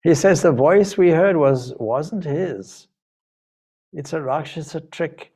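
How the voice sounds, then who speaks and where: A man voicing a loyal young prince from an epic who gently but firmly reassures a frightened woman. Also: fairly high pitch, slow, slightly rough, pitched above the performer's own voice, exaggerated voice. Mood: gentle, firm. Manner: gently reassuring yet firm.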